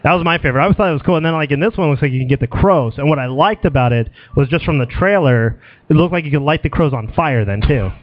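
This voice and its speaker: Man, fast talker, slightly high voice, jokey gaming chat, muffled lo-fi sound. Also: dry recording. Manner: jokey, acts out quoted reactions. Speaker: podcast co-host. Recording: lo-fi audio.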